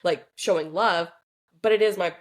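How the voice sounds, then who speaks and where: Chatty woman podcast co-host, lowish voice. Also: moderate pace. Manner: chatty, thinks aloud with many fillers. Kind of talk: casual chat.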